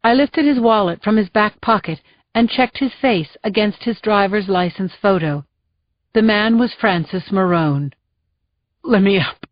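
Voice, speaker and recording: A woman's voice: medium pitch, no room sound. Woman narrating a tense thriller. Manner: tense, measured storytelling. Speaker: audiobook narrator. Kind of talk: first-person thriller narration. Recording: dull, dry studio sound.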